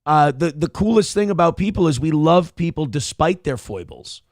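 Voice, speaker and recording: A man hosting a morning show, chatting in a rambling, profane, animated way and reading out viewers' messages. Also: on the high side, normal speed, no room sound, studio quality. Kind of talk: casual livestream chat.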